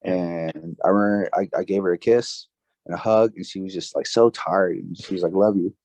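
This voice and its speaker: A man in his twenties, a podcast guest, telling a personal story in a casual, halting way with many fillers and restarts. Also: sits low, steady tone, a little mellow, no echo. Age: 20s. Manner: emotional, recounting grief.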